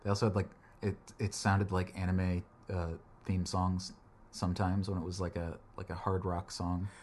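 A man's voice: low voice, little pitch movement, moderate pace, a little mellow, a little hiss or hum. A man in casual chat, rambling and joking, swearing now and then as he talks through a film.

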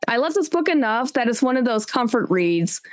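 A woman co-hosting a casual book chat, animated and self-mocking, with sudden pitch jumps when flustered. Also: moderate pace. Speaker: podcast co-host.

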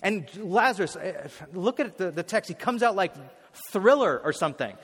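A man preaching a sermon as a pastor, telling stories animatedly and swinging from hushed to loud. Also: high-pitched, animated, normal speed, slightly rough, big-room sound.

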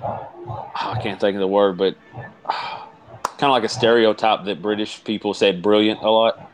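A man's voice: on the low side, steady tone, normal speed, poor audio. A man hosting a casual livestream, explaining things in a rambling way full of fillers. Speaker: stream host.

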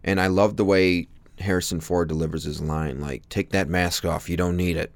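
Brief: low-pitched male podcast co-host, eager film fan, dry close sound. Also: steady tone, normal speed, no room sound. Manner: enthusiastic, hums film music. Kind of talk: casual movie discussion.

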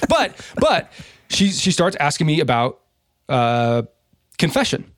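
A man co-hosting a podcast, telling a story in a casual, animated way, swearing and acting out quoted voices. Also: a little high, a little slow, dry recording, studio quality. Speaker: podcast co-host.

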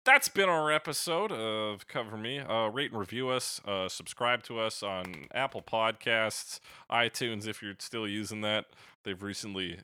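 A man's voice: on the low side, a little slow, pushed and bright, clean tone, dry recording. A man co-hosting a podcast, chatting casually and joking through the sign-off. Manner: jokey, laughing, loose wrap-up patter. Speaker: podcast co-host.

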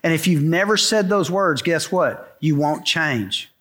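Before his congregation in the sanctuary, the middle-aged pastor speaks at a measured pace, his voice a little high and a bit bright with lively intonation. He preaches emphatically, driving home key lines by repeating them.

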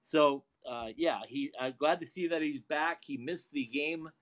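A man's voice: on the high side, measured pace. A man hosting a sports radio show in an easygoing, rambling way. He talks in loose, casual sentences, padding them with fillers and restarts. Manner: rambling, filler-heavy, chuckling.

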